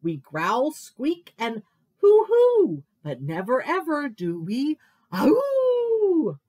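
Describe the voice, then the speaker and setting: Woman playing a big bear, grumbly, growling, gruff, slow. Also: high voice, wildly swooping pitch, dark tone, voice pushed up, full character voice.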